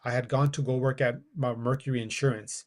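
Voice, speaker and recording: Middle-aged male storyteller, casual and animated, acts out quoted dialogue, mid pitch. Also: a little fast. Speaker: guest.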